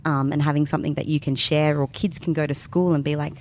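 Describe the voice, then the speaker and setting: A woman's voice: low voice, level tone, fast, darkish tone, slight background noise. A woman with an Australian accent, a guest on a podcast, talking in a chatty, laughing way with lots of fillers. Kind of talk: casual chat.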